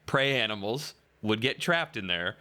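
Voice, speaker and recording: Deadpan hesitant podcast co-host. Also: male voice, lowish voice, moderate pace. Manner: deadpan, hesitant, dry jokes. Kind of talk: casual chat.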